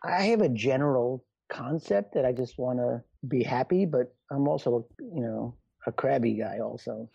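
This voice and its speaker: A man's voice: medium pitch, lively intonation, normal speed, vocal fry, few pauses, mellow, husky, no echo. A middle-aged man, a doctor and author, chatting as a guest in a rambling, self-deprecating way. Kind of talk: casual interview chat. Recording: muffled lo-fi sound.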